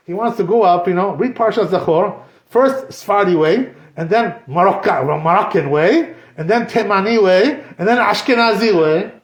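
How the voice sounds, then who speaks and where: A man teaching a Torah class as a rabbi, animated and joking, with many rhetorical questions. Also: sits high, normal speed. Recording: echoey room, slightly dull.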